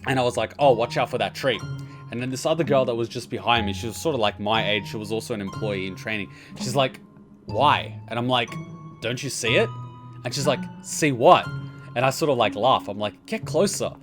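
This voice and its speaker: Australian man, let's play host, casual profane commentary, middle pitch, music playing clearly behind. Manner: profane, rambling storyteller.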